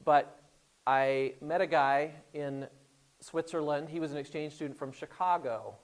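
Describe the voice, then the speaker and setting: A man from the American Midwest with a Midwestern accent, speaking as a guest in a classroom, relaxed and rambling with many pauses and fillers. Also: fairly high pitch. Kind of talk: informal classroom talk.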